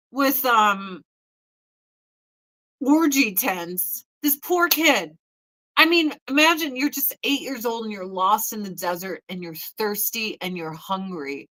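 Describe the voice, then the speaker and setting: A woman's voice: mid-range voice, a bit bright, rough recording. A woman in her forties hosting a casual morning chat, blunt and profane, often mocking people in put-on voices. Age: 40s. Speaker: host.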